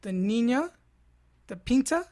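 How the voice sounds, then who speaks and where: A woman's voice: on the high side, lively intonation, measured pace, a little mellow. A woman, a podcast host in casual chat, explaining history as a joking storyteller who slips into silly voices.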